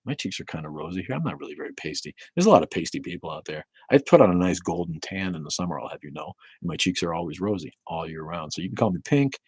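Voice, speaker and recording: Deep-voiced, profane, rambling man in his fifties. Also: lively intonation, quick pace, hardly any pauses, a little mellow, husky, no room sound, studio quality. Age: 50s. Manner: profane, rambling, with many restarts. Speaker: livestream host. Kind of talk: casual livestream rant. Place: home in Maine.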